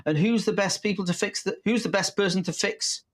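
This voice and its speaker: A middle-aged man co-hosting a casual business chat from an office, halting and repeating words, with a dry sense of humor. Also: sits high. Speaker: co-host, business trainer. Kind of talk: casual live-stream chat.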